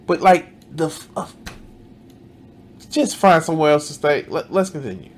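A man's voice: on the high side, lively intonation, normal speed, pauses often. A man reacting to a video with casual commentary. He is exasperated, swears a lot and says "like" constantly. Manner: exasperated, swears often, frequent "like".

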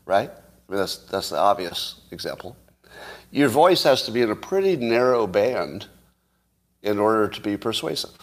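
A man in his fifties or older with a slightly husky, lowish voice hosts his own show, talking straight to his viewers. He is playfully boastful and fond of hyperbole. He deliberately moves between a slow, soothing calm and a faster, worked-up delivery. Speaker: show host. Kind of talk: casual monologue to viewers.

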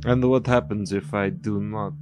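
A man takes the role of a shrewd, formal adventurer who weighs every deal warily. His lowish voice stays stiff and careful, and soft music with a singing bowl plays behind him. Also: fairly even intonation, normal speed, lightly acted. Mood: bargaining. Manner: formal, wary, bargaining. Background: ambient music with singing bowl.

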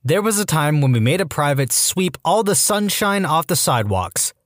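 A male narrator reads online stories in a scripted but animated way, dipping into quick character voices. His voice sits a bit high and moves a lot. The sound is dry and close, with no room around it. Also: no echo. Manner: lively reading with voiced character quotes. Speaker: story narrator.

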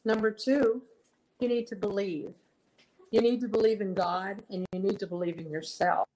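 A woman of average pitch speaks as a guest in a casual interview. She tells heartfelt stories in an earnest, unhurried way, often stopping to restart a thought. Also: steady tone, darkish tone, poor audio. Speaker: guest singer-songwriter.

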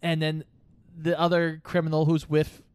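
Smooth-voiced man podcast host. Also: fairly high pitch, monotone, moderate pace, darkish tone, no room sound. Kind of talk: casual chat.

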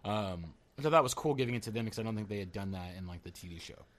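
A man talking at a quick clip in a relaxed, rambling chat. His voice sits on the low side, and he laughs easily and drops the odd swear word. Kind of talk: casual chat.

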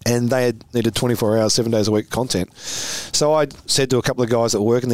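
A man in his forties with an Australian accent, a former footballer telling stories as a guest, animated and often laughing. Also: mid-range voice, fast talker, few pauses, dry recording. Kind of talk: casual storytelling interview.

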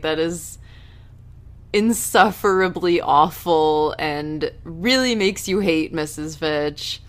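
A woman with a slightly low voice chats through a casual TV episode recap. Her delivery is animated and talkative, and she sometimes breaks into loud, indignant outbursts. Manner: chatty, animated, bursts into loud outrage. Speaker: TV recap host.

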